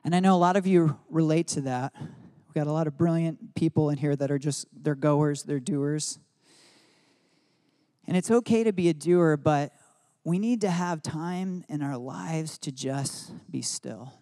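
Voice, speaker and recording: A middle-aged man preaching a sermon as pastor, reflective, slowing and softening his voice in devotional passages. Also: a little high, no room sound, clean studio sound.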